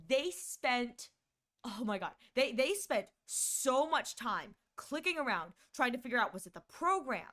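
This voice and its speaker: Animated high-pitched woman streamer. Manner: animated and exasperated, swings between quick and drawn-out. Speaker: streamer and voice actor. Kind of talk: casual storytelling on stream. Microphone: condenser mic.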